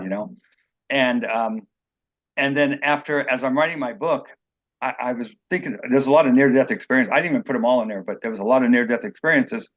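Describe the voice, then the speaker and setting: A man's voice: mid-range voice, a little fast, fairly bright tone, dull audio. A man being interviewed as an author, telling personal stories in a rambling, earnest way and acting out what people said. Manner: rambling, earnest, acts out quotes.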